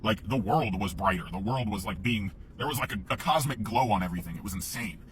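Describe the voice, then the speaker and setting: A man's voice: on the low side, quick pace, a little hiss or hum, rough recording. A man telling a casual, rambling story to camera, swearing freely and often laughing.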